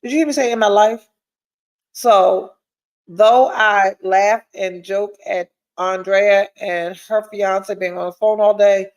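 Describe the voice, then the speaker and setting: A woman's voice: medium pitch, rough recording. A woman, hosting a podcast and telling a candid personal story with blunt, profane energy, her nose audibly stuffy. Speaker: podcast host. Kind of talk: candid solo livestream chat.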